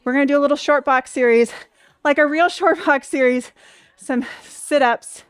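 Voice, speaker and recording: A woman's voice: high voice, moderate pace, no room sound, clean studio sound. A young adult woman leading a Pilates class, cheering and counting reps, a bit out of breath. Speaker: Pilates instructor. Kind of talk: workout class instruction.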